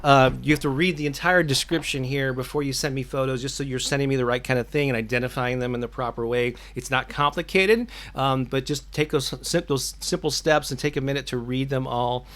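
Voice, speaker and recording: A man's voice: mid-range voice, steady tone, fairly quick, hardly any pauses, a bit bright. A middle-aged man hosting his own channel, chatting casually on a live stream with many fillers and restarts. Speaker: affirmation channel host.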